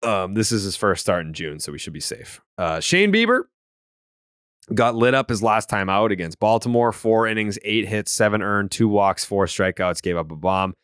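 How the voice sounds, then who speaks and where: A man's voice: fairly low pitch, lively intonation, moderate pace, fairly bright tone, smooth, no room sound, clean studio sound. A man hosting a casual sports podcast, reading ad copy with a joking edge and rattling off baseball stats. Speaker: podcast host.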